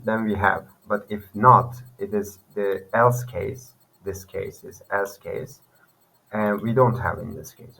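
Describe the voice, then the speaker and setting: Low-ish voiced guy walking thru code, lots of uh's and restarts. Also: sharp tone, husky, low-quality recording. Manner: halting, thinking aloud with fillers and restarts. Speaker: programming tutor. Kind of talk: screen-recorded coding tutorial.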